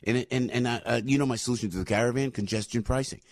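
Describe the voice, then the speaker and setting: A man's voice: mid-range voice, fairly even intonation, fast, no room sound, studio quality. A man hosting a talk radio show, rambling and emphatic, getting fired up as he goes. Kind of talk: opinionated talk radio monologue. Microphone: studio radio mic.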